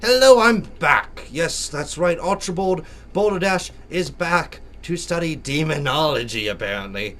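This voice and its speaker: A man's voice: on the high side, expressive, unhurried, hardly any pauses, fairly bright tone. A young man with a sore throat giving jokey, theatrical let's play commentary as a gaming YouTuber.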